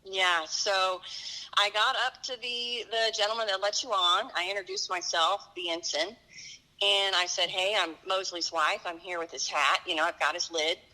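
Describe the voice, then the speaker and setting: A woman's voice: mid-range voice, moderate pace, pushed and bright, rough recording. A middle-aged woman earnestly recounting a personal story, acting out the dialogue. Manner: earnest, vivid retelling with quoted dialogue. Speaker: guest telling her story.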